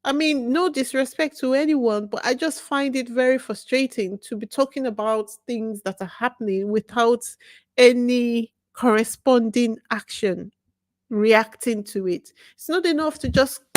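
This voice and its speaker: Her pitch is fairly high and her pace unhurried, with no room sound in the recording. This YouTube host delivers a laid-back vlog monologue on her own channel, talking emphatically and passionately while asking herself pointed questions.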